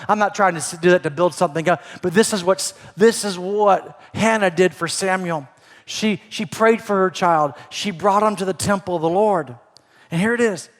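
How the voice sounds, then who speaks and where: A middle-aged man preaching a sermon as a pastor, animated, swinging between loud emphasis and soft asides. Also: high-pitched. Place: church auditorium. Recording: long hall reverb.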